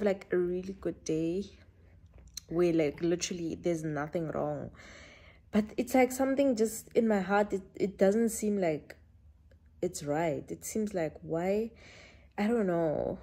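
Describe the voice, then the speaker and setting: A young woman, chatting casually to her phone camera for a vlog in a soft, rambling way full of fillers. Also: fairly low pitch. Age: 20s. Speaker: mom vlogger. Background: background music.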